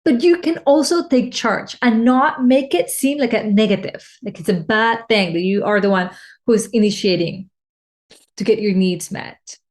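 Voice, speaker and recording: A woman life coach reflects on personal needs and connection in a solo podcast, heartfelt and emotional, often restarting phrases. Her voice is fairly high and a little mellow, at a moderate pace.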